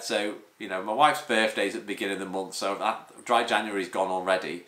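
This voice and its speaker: A man's voice: on the low side, brisk, hardly any pauses, fairly bright tone. A man, a personal trainer giving a casual, rambling podcast monologue full of restarts. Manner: rambling with frequent restarts and 'um'. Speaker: personal trainer and online fitness coach. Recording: roomy echo.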